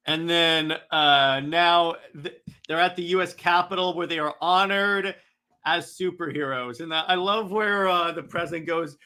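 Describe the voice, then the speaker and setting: An excitable man recapping a comic book in a loose, rambling way, full of fillers and restarts. His voice is bright and forceful, sitting a little high. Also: normal speed. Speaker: comic reader.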